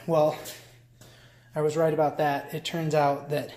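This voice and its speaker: A car hobbyist narrates his own repair job in a DIY vlog, chatting casually, rambling, talking to himself and restarting sentences as he works. His voice is on the high side and mellow, with little pitch movement and a measured pace.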